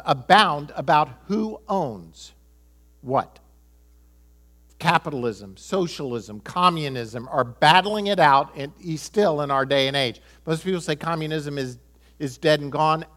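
A middle-aged American pastor delivers a sermon emphatically, saying key points twice, chuckling, adding short asides and quoting people in voices. His bright, forceful voice sits a little high for a man.

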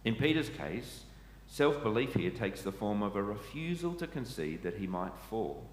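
A man with a low voice preaches a sermon in earnest, putting questions to his listeners. The sound carries a long echo through a large church hall. Faint ambient noise sits beneath it. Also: big pitch swings, moderate pace.

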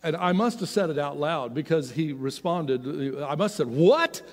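A middle-aged man telling a personal story as a sermon, animated and swinging from loud to hushed. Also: a little high, normal speed. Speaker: pastor. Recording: long hall reverb.

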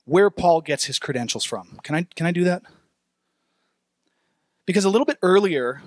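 Young male pastor, high tenor, lively preaching with direct questions to the congregation, dry sound. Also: no echo. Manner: animated preaching, reads scripture aloud, asks the congregation questions. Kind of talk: sermon.

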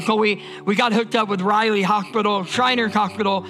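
A man's voice: sits high, steady tone, brisk, hardly any pauses, pushed and bright, faint music behind. A man from Indiana preaching a sermon as a pastor, emphatic and repetitive, often restarting his words.

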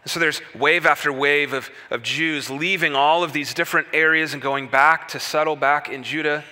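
A man preaching a sermon, telling the story with lively rhetorical questions. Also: on the high side, moderate pace. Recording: echoey hall reverb.

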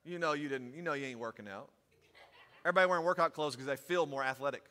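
A man preaching a sermon, moving from steady teaching to loud, emphatic preaching. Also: on the high side, quick pace, in a large hall.

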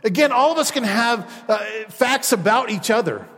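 Pastor delivering a sermon; man with a high, light voice, acts out quoted asides; long hall reverb. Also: expressive, moderate pace, fairly bright tone.

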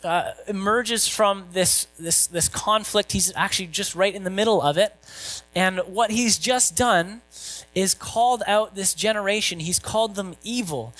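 A man's voice: sits high, a bit bright, rough recording. A male pastor giving a conversational sermon, asking rhetorical questions and reading scripture.

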